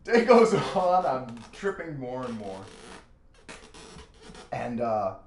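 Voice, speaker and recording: A man, a drummer guest, telling a wild anecdote in a laughing, animated way. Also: mid-range voice, slow pace. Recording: echoey room, faint noise.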